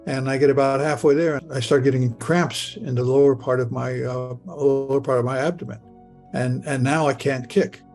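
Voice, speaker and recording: An older man telling his own story in a halting, stammering way, with frequent restarts. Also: medium pitch, steady tone, darkish tone, soft background music. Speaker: storyteller recounting a near-death experience. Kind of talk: personal storytelling.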